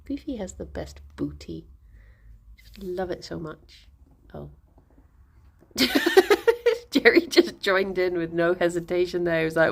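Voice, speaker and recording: A woman's voice: medium pitch, expressive, unhurried, vocal fry, pauses often. A young British woman chatting casually on a livestream from home, giggly and playful, cooing to her pet rabbits. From United Kingdom. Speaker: streamer. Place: home, indoors.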